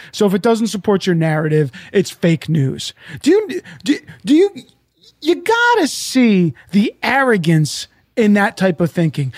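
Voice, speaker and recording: Man, high voice, dry close sound; sarcastic, profane solo rant. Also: wildly swooping pitch, unhurried, no room sound. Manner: repeats himself, asks rhetorical questions. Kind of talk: ranting monologue.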